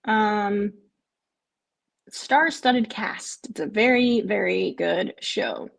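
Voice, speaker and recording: A woman's voice: medium pitch, drawn-out words, gravelly. Chatty woman streamer answering viewers. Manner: frequent "um" fillers and repeats herself. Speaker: live stream host. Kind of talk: casual live watch-along chat.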